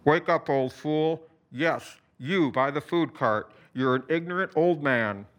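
Brief: male narrator as preachy taunting activist, slogan-shouting ranter. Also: mid-range voice, lively intonation, moderate pace, natural voice. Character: ranting male conspiracy activist with bullhorn.

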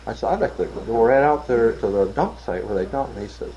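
A man's voice: fairly low pitch, fairly quick, dark tone, muffled recording, slight background noise. An older man casually telling work anecdotes, acting out the people he quotes and laughing at his own punchlines. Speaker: interviewee telling stories. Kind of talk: casual storytelling.

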